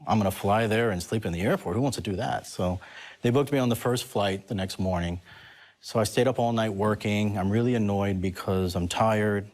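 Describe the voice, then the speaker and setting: A man's voice: lowish voice, darkish tone. A man who is a guest on a talk show, animatedly telling a personal story and laughing as he goes.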